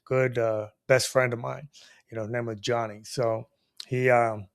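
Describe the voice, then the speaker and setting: A man tells a rowdy bar story to his listeners in a medium-pitched voice. He is animated, laughs often and keeps checking in with "you know what I mean". The delivery is loose, casual storytelling. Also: measured pace, gravelly. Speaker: storyteller host.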